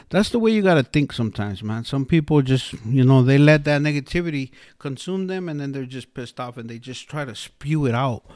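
A man's voice: mid-range voice, a little mellow, no room sound. Earnest rambling man in a dry room. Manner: rambling, repeats words and restarts, earnest. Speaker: interviewee sharing life philosophy. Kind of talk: casual storytelling.

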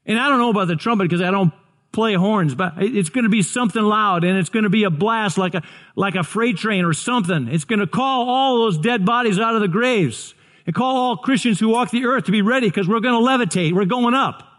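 An earnest pastor in his sixties preaches in a voice that sits high and moves a little fast. He keeps restarting and repeating words, and his sermon builds into excited shouts.

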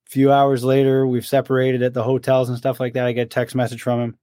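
A young adult man co-hosting a casual podcast chat, telling stories with animated voices for his friend. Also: medium pitch, quick pace, few pauses, dry recording, studio quality. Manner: animated storyteller, mimics his friend's complaints. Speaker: podcast co-host.

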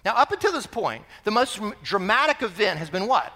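A man preaching with a high, bright voice that swings widely in pitch, throwing rhetorical questions at his listeners. The sermon rings out with a long reverb, as if in a large hall. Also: sing-song, fairly quick. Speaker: pastor.

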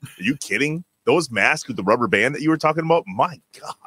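A man's voice: medium pitch, lively intonation, fairly quick, a bit bright, slightly rough, dry recording. A man from Wisconsin hosting a podcast in an easygoing way, leading into segments and reacting with enthusiasm. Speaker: podcast host. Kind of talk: casual chat and segment hosting.

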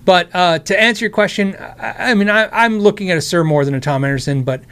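A man's voice: high voice, fairly quick, a bit bright, clear, resonant tone. An American man hosting a casual live stream, answering chat questions about guitars in a rambling, friendly way, his voice tired and worn. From United States. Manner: rambling, friendly, with many restarts and asides.

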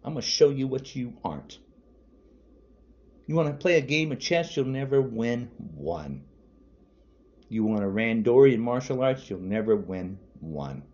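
A man's voice: medium pitch, animated, a little slow, long pauses, darkish tone. A man podcasting an angry political rant, furious and repetitive, hurling insults. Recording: dull lo-fi audio.

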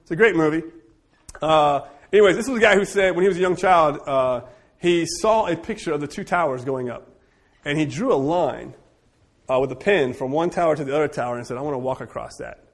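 A man leads a casual church group discussion, telling stories with quick jokes and asides. His voice sits a little high for a man. He sounds lively and talkative. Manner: animated, jokey storyteller with quick asides.

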